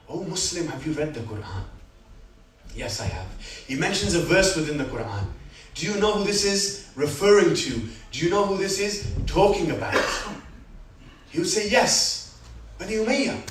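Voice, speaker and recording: A man with a fairly high voice delivers a sermon, telling stories with surging dramatic passages and hushed reflective ones. He is heard from some distance in a reverberant hall, with a faint hum of room ambience behind him. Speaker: speaker at a religious gathering. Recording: echoey hall, speaker far from mic, faint room noise.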